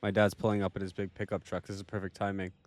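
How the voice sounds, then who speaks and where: A man hosting a podcast in casual chat, playful and quick to laugh, recording while driving around. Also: deep voice, completely flat delivery, darkish tone, no echo. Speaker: podcast host. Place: in a car and outdoors, recording on the go.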